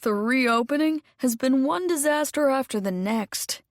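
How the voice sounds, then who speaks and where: A woman voicing an excitable, anxious young man who gushes at his best friend, in an audiobook. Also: unhurried, no echo, clean studio sound. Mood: pleading. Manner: high-pitched and gushing.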